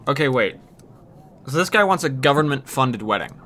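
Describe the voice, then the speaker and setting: A man's voice: medium pitch, sing-song, moderate pace, fairly bright tone. A man streaming a game, chatting casually, joking, swearing and reading game text aloud. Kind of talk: casual gameplay commentary.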